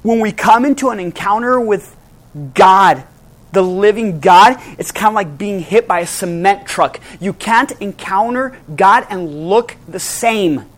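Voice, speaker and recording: A preacher delivering a sermon, asking rhetorical questions and slowing down to press key phrases. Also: medium pitch. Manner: dramatic, with sudden drops to hushed emphasis and slowed key phrases; asks the audience rhetorical questions.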